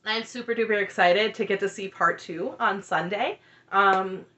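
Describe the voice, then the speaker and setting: A woman's voice: medium pitch, moderate pace, sharp tone. A woman in her thirties giving a chatty, opinionated recap of a reality show, laughing often as she talks. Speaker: reality TV recap channel host.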